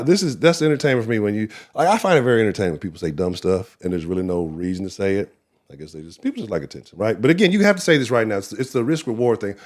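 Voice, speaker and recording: A man with a Texan accent hosting a live sports talk stream, rambling and profane, laughing often and talking to the chat. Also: mid-range voice. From Texas. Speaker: sports show host.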